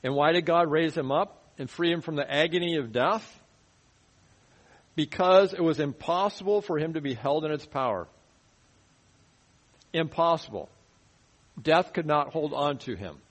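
A man's voice: normal speed, rough recording. Man preaching a conversational Bible sermon. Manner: conversational teaching, drops his voice low for emphasis. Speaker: pastor. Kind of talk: expository sermon.

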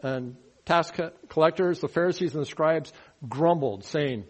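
Higher-voiced man preaching a sermon. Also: moderate pace. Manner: teaching, asks the congregation questions; mocking grumblers in a rising, louder voice. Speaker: pastor. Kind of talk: verse-by-verse sermon.

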